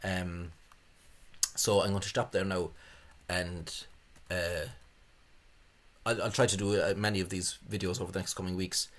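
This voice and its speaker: Male lecture host, slightly low pitch, halting delivery, scornful tone. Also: level tone, a bit bright. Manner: hesitant, many fillers, scornful asides. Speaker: language video host. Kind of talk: spoken lecture on spelling reform.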